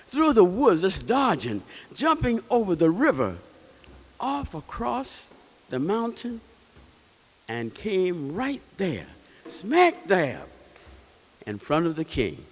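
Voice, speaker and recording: Animated man telling a folktale. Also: high voice, takes it slowly, pauses often, in a large hall. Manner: animated, asks the audience questions. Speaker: storyteller. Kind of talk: folktale told to a live audience. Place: event hall.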